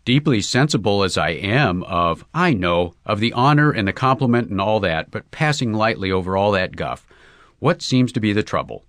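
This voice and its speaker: A man voicing an earnest, excitable young golfer in love, raising his voice a little for him. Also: lowish voice, normal speed, dry recording. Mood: eager.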